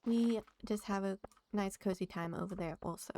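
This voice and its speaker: A woman's voice: medium pitch, moderate pace, gravelly, highs cut off, slight background noise. A woman streaming a farming game, chatting casually with her viewers and laughing often. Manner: chatty, giggly, talks to chat and the game. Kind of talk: casual live-stream chat while playing.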